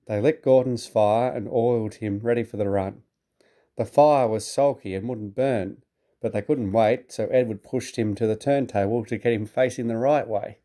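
A man with a British accent narrating a children's storybook in a measured, gently expressive way. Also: fairly low pitch.

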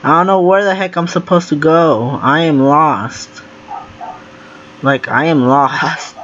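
A man's voice: on the high side, steady tone, slow, lo-fi sound. A man giving live commentary while playing a game. He thinks aloud, gets flustered easily, and exclaims and groans as he goes. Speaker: gaming video creator. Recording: loud noise under the voice.

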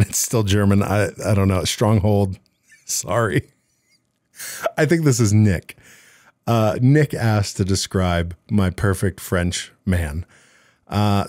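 A man's voice: on the low side, darkish tone, dry recording, clean studio sound. A man hosting a podcast in casual, rambling chat, cracking jokes and slipping into mock accents. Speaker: podcast host.

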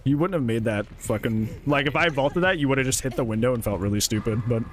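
A man's voice: medium pitch, fast talker. A young man streaming a video game, ranting sarcastically and swearing often in casual commentary.

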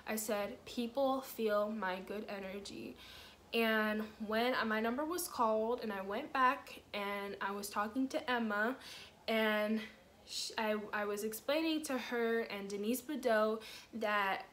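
Earnest rambling woman, slightly high voice. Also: a bit bright, a little hiss or hum. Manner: fast, rambling, restarts and jumbles words; earnest, coaching, asks the viewer questions. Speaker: vlogger giving self-improvement advice. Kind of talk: casual motivational to-camera talk.

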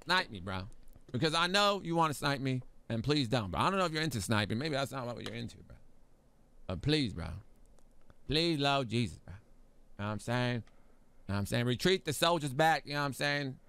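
A man's voice: medium pitch, expressive, fairly quick, sharp tone, smooth. A young man on a stream call, talking in a rambling, pleading way full of slang. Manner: pleading, rambling, slangy, repeats "bro" and "you know what I'm saying". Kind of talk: casual live-stream chat.

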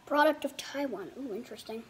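A woman's voice: sits high, brisk, a little hiss or hum. A woman casually reviewing a meal, thinking aloud, rambling, and talking with her mouth full. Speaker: food reviewer. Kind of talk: casual chat while eating.

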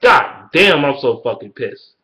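A man delivering a heated, profane sports rant, repeating himself and swinging between yelling and low mutters. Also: sing-song, unhurried. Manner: heated, swearing, rising to yelling. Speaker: sports fan vlogger.

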